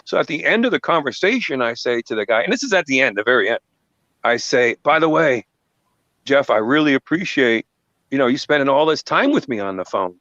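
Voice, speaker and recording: A man's voice: mid-range voice, lively intonation, fairly quick, a bit bright, no echo. A middle-aged man hosting a live online panel, telling a personal story in an earnest, casual way. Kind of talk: casual chat. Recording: dull, dry sound.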